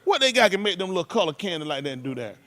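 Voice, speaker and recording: A man's voice: sits high, big pitch swings, quick pace. A man telling stories in casual talk, rambling loosely and breaking into laughs. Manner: loose rambling delivery with laughs and shouted impressions.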